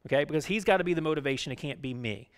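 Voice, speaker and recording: Brief: male pastor, slightly high voice, chatty sermon that turns from loud urging to quiet. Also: racing, smooth. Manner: conversational, keeps asking "right?"; animated, swings between loud urging and quiet.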